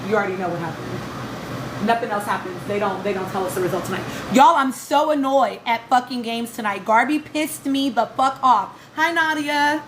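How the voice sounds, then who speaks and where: A woman hosting a live reality TV stream, chatting casually and greeting viewers by name, animated, exasperated and cursing freely. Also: fairly high pitch, normal speed, noisy background. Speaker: livestream podcast host.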